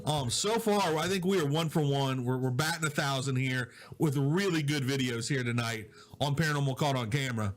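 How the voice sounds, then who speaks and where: A man from Southwest Louisiana, hosting a casual live stream from his home office, chatting with viewers and reading their comments, on a quiet, low-volume mic. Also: a little fast. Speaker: digital host. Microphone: low-volume mic with problems.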